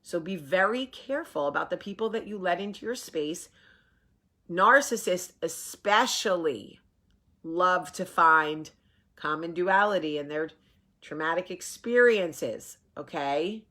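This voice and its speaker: This vlog host, a New Jersey woman in her forties, has a fairly low, bright and forceful voice with lively intonation, speaking a little slowly. In her casual morning chat to camera she tells stories and acts out the voices of the people involved.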